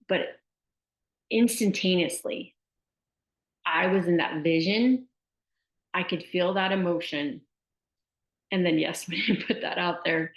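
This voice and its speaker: A woman's voice: fairly low pitch, creaky. A middle-aged woman, a sports nutrition specialist, chatting casually and telling stories, often tossing in "like" and "right?". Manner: chatty storyteller, frequent "like" and "right?". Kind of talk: casual conversational advice. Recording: echoey room, dull lo-fi sound.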